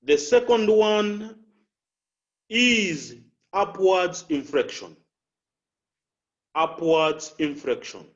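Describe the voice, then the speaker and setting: A man coaching public speakers, slow and deliberate, repeating key phrases and showing inflection with his voice. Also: high voice, expressive, lo-fi sound. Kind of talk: instructional talk with spoken examples.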